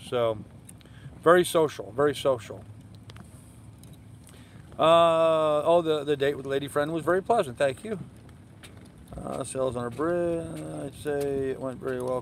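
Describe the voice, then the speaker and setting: A man's voice: mid-range voice, a little hiss or hum, poor audio. Older man, sailing vlog host, easygoing rambling chat, lots of fillers, outdoors on a boat. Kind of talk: live-stream chat, reading and answering viewer comments. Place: aboard a moored sailboat in a harbor, outdoors at evening.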